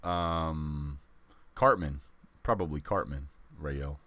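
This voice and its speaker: A very deep-voiced man hosting a live sports stream. He chats in a loose, laid-back way, circling back and restarting his sentences as he goes. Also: takes it slowly, bright, forceful tone. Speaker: host of a sports channel. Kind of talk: casual live-stream chat.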